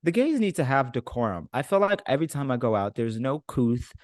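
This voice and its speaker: A man chats as a guest on a casual podcast, teasing in a playful way. His voice is recorded dry, with no room echo, and his pitch sits in the middle of the range. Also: big pitch swings, brisk, darkish tone.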